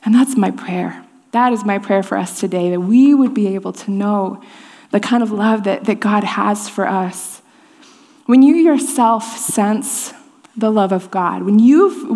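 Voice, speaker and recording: A woman's voice: a little high, a little mellow. A woman in her thirties giving a sermon, telling a personal story in a loose, conversational way with lots of restarts. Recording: long hall reverb.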